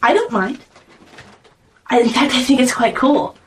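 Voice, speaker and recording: A woman playing a tabletop game, gently and patiently explaining things in character. Her voice is a little high, with faint background hiss. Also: lively intonation, moderate pace, low-quality recording. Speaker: player. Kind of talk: tabletop role-play, speaking in character.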